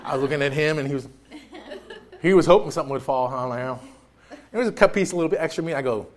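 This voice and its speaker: A man's voice: fairly high pitch, racing, long pauses. A man preaching a sermon as pastor in a church, joking and storytelling with frequent laughter. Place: church sanctuary.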